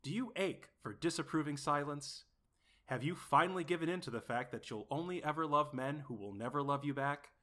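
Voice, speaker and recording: A sultry announcer purrs through a spoof advert in a soft, intimate hush, as a man puts it on. The voice sits a touch higher than average and is kept low and close. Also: brisk. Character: hushed, sultry male parody-ad announcer. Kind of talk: mock commercial read.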